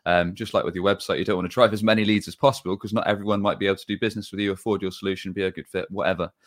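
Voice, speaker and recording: A man's voice: low voice, flat delivery, racing, no echo, studio quality. A man hosting a podcast, asking framed questions and encouraging his guest in casual conversation. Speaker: podcast host.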